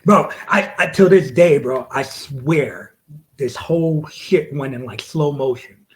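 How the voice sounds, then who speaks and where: Male wrestler, forties, from the United States: loose, profane, animated storyteller with a mid-range voice. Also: medium pitch, takes it slowly, slight background noise, rough recording. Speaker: wrestler guest. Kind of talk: casual storytelling interview.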